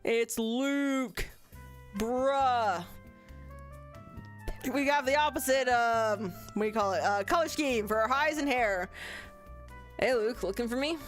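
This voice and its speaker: A woman's voice: a little slow, long pauses, soft background music. A woman streaming a visual novel, reading aloud and chatting playfully with lots of giggles. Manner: giggly, playful, jumps high when excited.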